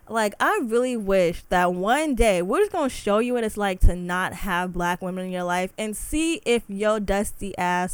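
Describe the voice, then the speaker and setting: A woman's voice: mid-range voice, smooth, dry recording. A young woman hosting a solo podcast, talking in an impassioned, heated way full of "like" fillers. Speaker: podcast host. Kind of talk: casual solo podcast rant.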